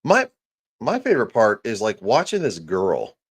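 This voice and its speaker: A man's voice: on the low side, wildly swooping pitch, moderate pace, slightly rough. A man hosting a casual political commentary livestream, talking in a heated, profane, ranting way into a desk microphone. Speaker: livestream host.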